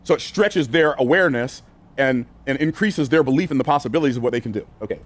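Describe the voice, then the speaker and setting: An older man teaching business sales from a whiteboard, energetic and conversational, repeating phrases for emphasis and using casual words like y'all and ain't. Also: mid-range voice, quick pace. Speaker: business coach.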